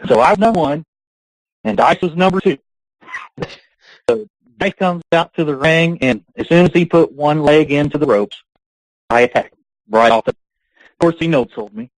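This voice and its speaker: A man's voice: on the high side, expressive, moderate pace, pauses often, dry recording, poor audio. Laid-back man telling wrestling stories. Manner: rambling, laughs through his stories. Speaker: guest, pro wrestler. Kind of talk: casual podcast interview storytelling.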